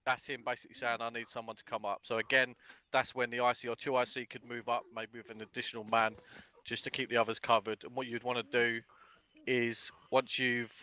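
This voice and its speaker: A man's voice: mid-range voice, flat delivery, a little fast, pushed and bright, lo-fi sound. A man leading a casual tactical briefing, blunt and sweary, acting out example dialogue. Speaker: instructor.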